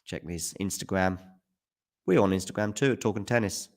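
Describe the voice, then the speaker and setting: A man with a fairly low voice calls a tennis match live on a stream in a loose, casual way. He talks back to viewers from the chat between points and jumps up loud at the big shots. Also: normal speed. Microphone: handheld mic at times.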